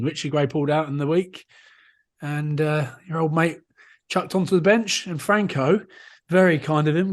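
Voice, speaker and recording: A rugby player in his thirties co-hosts a podcast in a slightly high voice. In casual chat, he tells jokey, self-mocking stories.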